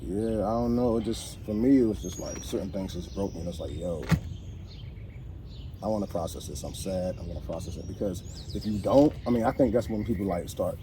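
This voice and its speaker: A man's voice: low voice, brisk, distant mic, background noise. A man who is a guest in a casual conversation, talking in a laid-back, supportive way.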